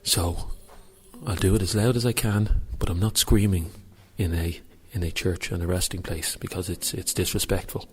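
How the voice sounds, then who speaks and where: A man phoning into a radio show from a quiet church, casual, hesitant and self-mocking, fumbling for his words. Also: sits low, steady tone, moderate pace, breathy edge. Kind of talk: casual phone report.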